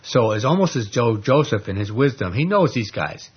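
A man's voice: mid-range voice, big pitch swings, moderate pace, husky, muffled recording. A man teaching a Bible study, reading scripture aloud and explaining it in a conversational way, often asking the class questions. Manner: conversational, asks the class questions, many fillers.

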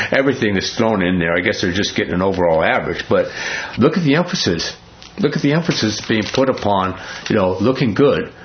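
Guy giving a chatty sermon, lowish voice, kinda muffled lo-fi recording. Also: a little hiss or hum. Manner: conversational, rambling with fillers and restarts. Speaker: preacher.

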